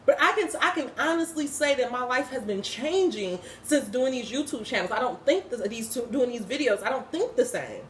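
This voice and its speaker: A woman's voice: fairly high pitch, lively intonation, normal speed, hardly any pauses, reverberant, a little hiss or hum. A woman speaking who gives a casual inspirational talk, emphatic and slangy, swearing freely and laughing often. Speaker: spiritual vlogger and host.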